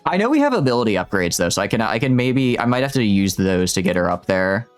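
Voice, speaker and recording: A man's voice: lowish voice, very animated, fast, faint music behind. A man chatting casually while live-streaming a video game, joking and rambling with a self-mocking manner.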